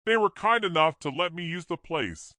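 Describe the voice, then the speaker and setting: A man's voice: fairly high pitch, animated, moderate pace, sharp tone, no echo, pitched above the performer's own voice. A man putting on a mocking scheming woman. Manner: mocking, giggly.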